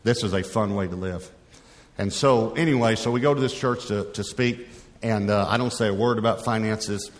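Middle-aged male pastor, low voice, rambling storyteller, big echoing hall. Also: moderate pace. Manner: conversational, rambling, with frequent restarts. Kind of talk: storytelling sermon. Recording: long reverb of a large hall.

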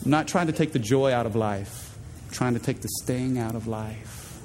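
A man preaching a sermon as pastor, animated and playful, acting out voices in the stories he tells. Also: moderate pace, big-room sound, background noise. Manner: animated, acts out quoted voices in high pitch.

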